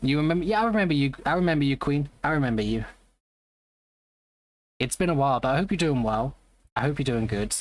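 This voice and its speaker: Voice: mid-range voice, animated, fast talker, long pauses. A live streamer in casual chat, rambling and greeting viewers by name.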